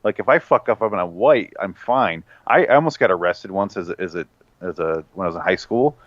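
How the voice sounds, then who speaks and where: A man's voice: deep voice, fairly quick, no room sound, lo-fi sound. A man hosting a podcast, talking bluntly and swearing through opinions. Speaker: podcast host. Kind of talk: casual chat.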